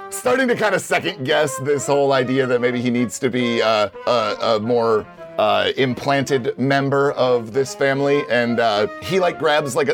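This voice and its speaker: A man playing a tabletop game, rambling through his character's actions with many hesitations. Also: medium pitch. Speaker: player.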